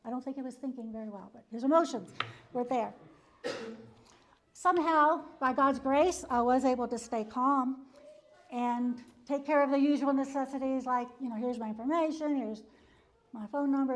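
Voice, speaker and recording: A woman's voice: high voice, moderate pace. A woman psychologist giving a church wellness talk, telling a personal story conversationally with frequent "um" and "you know" and many chuckles. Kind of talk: conversational presentation with a personal anecdote.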